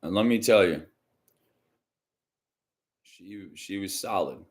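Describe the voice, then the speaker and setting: A man hosting a casual psychic reading livestream from home, rambling and chatty and often clearing his throat. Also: low-pitched, slow. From Michigan. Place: indoors at home.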